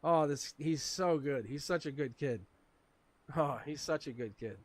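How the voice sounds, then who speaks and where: Raspy man, tarot reader on a live stream; animated, chatty, laughs often. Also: fairly high pitch, unhurried, no room sound.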